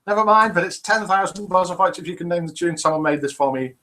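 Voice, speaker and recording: A man's voice: high-pitched, fast talker. A man with a British accent hosting a live web show from a small room, chatting casually and reading out viewers' names. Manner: chatty, relaxed, reads out viewers' names and comments. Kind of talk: casual live-stream presenting. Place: small home studio room. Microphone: webcam live broadcast.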